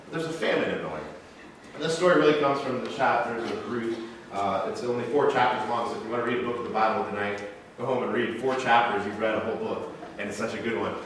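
A man's voice: mid-range voice, fast talker, fairly bright tone, a little hiss or hum. A male pastor preaching a casual, conversational sermon as a playful storyteller. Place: church sanctuary. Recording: echoey sanctuary, mic from far off.

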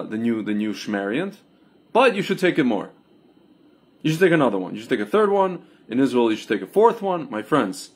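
A man giving a rambling, casual livestream monologue to his viewers, often calling them "my friends" and "guys" and slipping into mocking impressions. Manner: animated, jumps into mocking high-pitched impressions. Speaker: online commentator.

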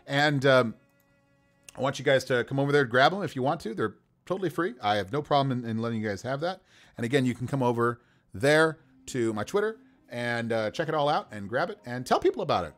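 A man's voice: mid-range voice, big pitch swings, a little fast, soft background music. A male host wrapping up a live stream show, chatty and friendly with many fillers.

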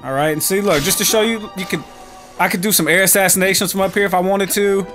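This man talks fast in a high, slightly bright voice whose tone stays steady. As a gaming YouTuber, he offers swearing, wisecracking commentary while playing, taunting foes and addressing viewers, and music plays behind him.

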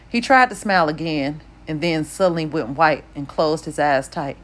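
A woman narrating an audiobook with steady, even storytelling. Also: low voice, moderate pace.

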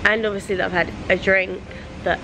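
A woman's voice: medium pitch, fairly even intonation, a little fast, background noise. A young woman vlogging casually, chatty and openly emotional as she talks to camera. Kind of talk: casual travel vlog.

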